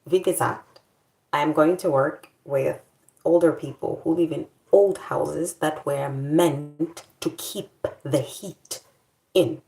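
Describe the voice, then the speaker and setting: A woman's voice: low voice, slow pace, gravelly, darkish tone, echoey room. A woman vlogger in casual chat, complaining in a playful, dramatic way.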